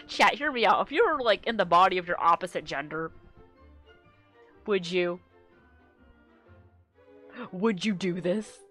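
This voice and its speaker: A woman's voice: fairly low pitch, expressive, a little slow, pauses often, a bit bright, soft background music. A woman streamer reading her own webcomic aloud, giggly and rambling, swearing casually. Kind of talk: casual live-stream commentary.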